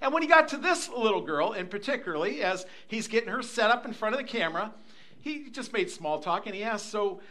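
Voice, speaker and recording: Animated, high-voiced older male preacher. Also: fairly quick. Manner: animated, acts out voices in anecdotes. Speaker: pastor. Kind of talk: sermon with storytelling.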